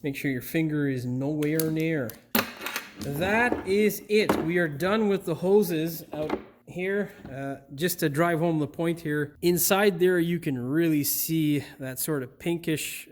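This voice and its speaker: A man's voice: fairly high pitch, noisy background. A male mechanic giving a casual car repair tutorial, chatty and joking with a crude edge.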